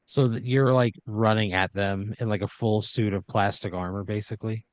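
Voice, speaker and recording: A man's voice: fairly low pitch, steady tone, normal speed. A man improvising a second-person story as a podcast storyteller, rambling with uhs and restarts.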